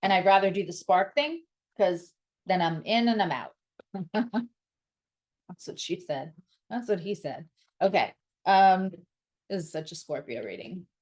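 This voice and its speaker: A young woman talks through a tarot reading in a loose, chatty way. Her voice sits a little low, and she is blunt and sarcastic, with a casual curse now and then. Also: lively intonation, unhurried, pauses often, a little mellow. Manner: sarcastic, blunt, swears freely. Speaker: astrologer and tarot reader.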